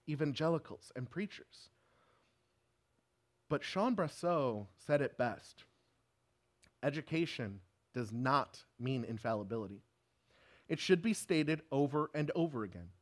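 A man giving a sermon in an earnest, emphatic preaching manner. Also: mid-range voice.

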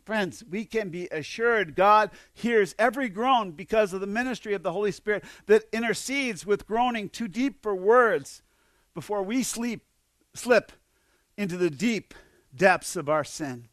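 High-voiced man preaching a dry sermon. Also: a little slow, fairly bright tone, dry recording. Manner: earnest preaching with repeated words and dramatic swings in volume. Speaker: pastor.

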